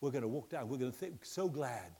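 A middle-aged man preaching a sermon, telling jokes and family stories, swinging between loud laughing excitement and quiet earnest appeals. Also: mid-range voice, a little fast, husky. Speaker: pastor. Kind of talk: sermon with humorous storytelling. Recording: long reverb of a large hall.

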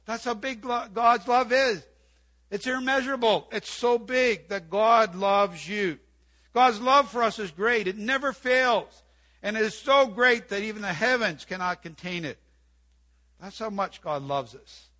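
A man's voice: high-pitched, pushed and bright. An older man preaching an earnest sermon in church, repeating key phrases and quoting scripture. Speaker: pastor.

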